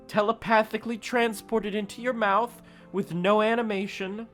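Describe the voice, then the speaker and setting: A man giving joking let's play commentary, laughing and yelling at the game over faint game music. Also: high voice, flat delivery, normal speed. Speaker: gaming YouTuber.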